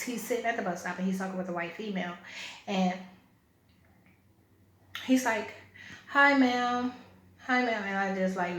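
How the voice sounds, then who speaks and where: A woman vlogging a story in a blunt, profane, agitated way. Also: mid-range voice. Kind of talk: casual storytelling. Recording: echoey room.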